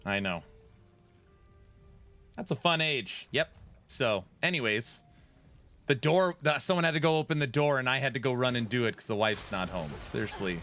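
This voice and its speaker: A man's voice: mid-range voice, animated, moderate pace, pauses often, bright, forceful tone, faint music behind. A man in his thirties streaming a game live, chatting and teasing in joking banter while he plays. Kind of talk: live gaming stream chat.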